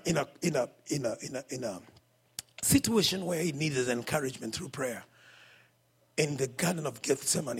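Male pastor preaching in church, high husky voice, handheld mic, goes loud then soft, keeps asking for amens. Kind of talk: sermon. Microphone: handheld microphone.

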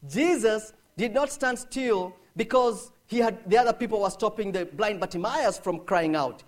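A man with a high, lively voice delivering a sermon. He swings from quiet, low asides to loud, shouted cries. He acts out the people in his story with shifts in voice. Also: moderate pace. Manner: dramatic, swings from hushed to shouting. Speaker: preacher.

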